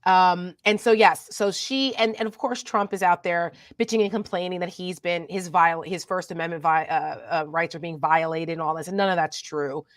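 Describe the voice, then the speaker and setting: A woman's voice: on the low side, fairly even intonation, moderate pace, few pauses, no room sound, studio quality. A woman co-hosting a casual political chat, chatty, with many fillers and laughs. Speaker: co-host.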